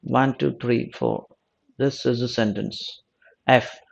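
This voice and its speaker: A man's voice: mid-range voice, animated, slow, gravelly. Man explaining exam answers, lo-fi. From South India. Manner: repeats himself, rephrases mid-sentence, asks "no?". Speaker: exam coaching teacher.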